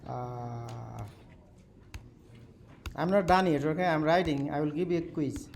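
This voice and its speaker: A man's voice: fairly high pitch, unhurried, gravelly, noisy background. A male professor, not a native English speaker, lecturing a class in simple English and often checking in with "okay?". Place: lecture hall.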